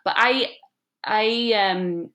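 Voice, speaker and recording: A woman's voice: mid-range voice, extremely slow, fairly bright tone. A woman in her forties talks easily in a casual interview, with a slight lisp from a lazy tongue. She is self-deprecating and laughs at herself often. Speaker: actress, podcast guest.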